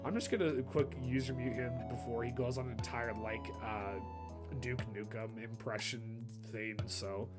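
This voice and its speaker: A man's voice: medium pitch, fairly even intonation. Young man rambling casual game commentary. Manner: rambling, many fillers and restarts, does quick impressions. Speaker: video host. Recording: background music over the voice.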